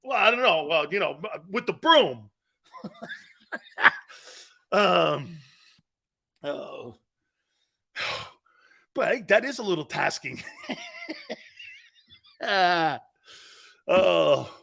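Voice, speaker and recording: A man's voice: high voice, big pitch swings, extremely slow, vocal fry, long pauses, sharp tone. A man hosting a sports talk show, joking and rambling between laughs.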